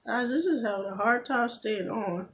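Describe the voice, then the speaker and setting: There's a little hiss or hum behind this woman's slightly bright, higher-pitched voice. A beauty vlogger doing a nail tutorial on a camera phone, she keeps up casual chatter, makes jokey asides, and gets exasperated fast.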